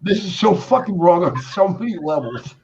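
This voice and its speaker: A man's voice: sits high, animated, normal speed, a little mellow. A middle-aged man co-hosting a livestream, swearing freely and laughing often as he tells stories in casual banter. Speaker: livestream co-host. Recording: slightly muffled with faint noise.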